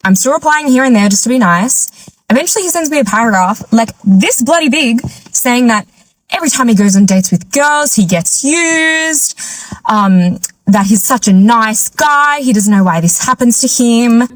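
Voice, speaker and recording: A woman's voice: a little high, normal speed, no echo, low-quality recording. A young woman telling a dating storytime, acting out what people said along the way. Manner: animated, acts out quoted dialogue. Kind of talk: storytime vlog.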